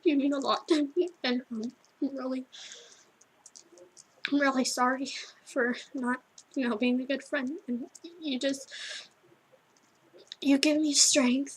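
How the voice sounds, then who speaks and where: A teenage girl recording a tearful video message to her best friend, halting and full of restarts as she cries. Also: high voice, slightly rough, poor audio. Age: teens. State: crying. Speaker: vlogger.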